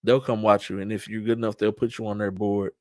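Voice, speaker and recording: A man's voice: fairly low pitch, little pitch movement, quick pace, no room sound. Middle-aged man, sports talk host, emphatic, streetwise, restarts, dry close sound. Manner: emphatic, trash-talking streetwise delivery with repeated restarts. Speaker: show host and event organizer. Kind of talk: casual talk-show monologue.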